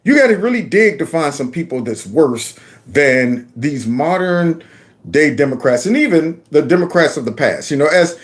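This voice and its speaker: Animated man reacting to clips. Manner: animated and mocking, with sudden high squeals and laughs. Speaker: channel host. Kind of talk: political commentary on video clips.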